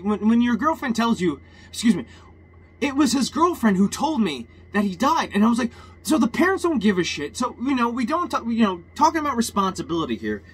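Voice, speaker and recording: A man's voice: extremely high pitch, a bit bright, breathy edge. A man ranting in a heated, rambling personal monologue, swearing often and restarting his sentences.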